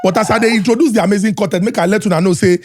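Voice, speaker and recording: A Nigerian man hosting a podcast, doing sponsor reads and hype introductions in an energetic, Pidgin-mixed style with shouted announcements. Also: sits high, rapid-fire, faint music behind. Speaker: podcast host. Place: podcast studio.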